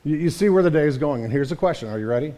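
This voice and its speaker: A man's voice: fairly high pitch, expressive, rapid-fire, warm tone. A man preaching a sermon to his congregation in a conversational way, often repeating words and throwing in "man" as he talks. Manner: repeats words and restarts mid-sentence. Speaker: pastor.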